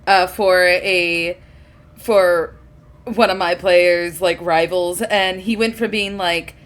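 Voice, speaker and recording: A woman's voice: fairly low pitch, steady tone, slow pace. Playful woman narrating at the game table. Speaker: game master.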